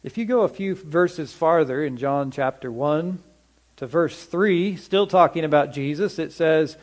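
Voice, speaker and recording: Conversational preacher with a fairly high voice. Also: male voice, darkish tone. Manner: conversational, asks the congregation questions; slows down to stress scripture quotes. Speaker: pastor. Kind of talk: sermon.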